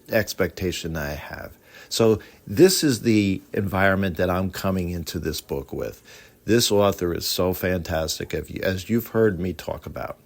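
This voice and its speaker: A middle-aged man hosting a book discussion podcast, speaking in an animated and opinionated way. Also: low-pitched. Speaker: podcast host.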